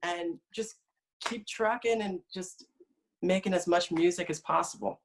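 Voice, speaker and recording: A man's voice: high-pitched, measured pace, creaky, slight background noise. A man from New Jersey, a singer-songwriter, chatting as a guest in an easygoing, friendly way over a video call. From New Jersey, USA.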